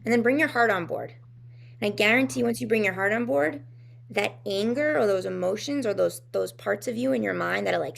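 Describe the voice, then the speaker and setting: A woman co-hosts a relaxed talk, musing aloud about healing and emotions. Her mid-pitched voice carries a gravelly fry. She wanders through her thoughts, circling back and filling pauses as she searches for words. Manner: rambling, searching for words with many fillers. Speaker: podcast co-host. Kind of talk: casual reflective talk on healing.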